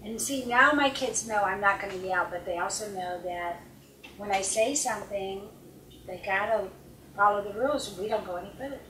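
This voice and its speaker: A middle-aged life coach gives a seminar talk in an earnest manner, often acting out short dialogues and sometimes dropping to a calm hush. Her voice is medium-pitched at normal speed. A distant mic in an echoey conference room picks her up, with a little hiss or hum.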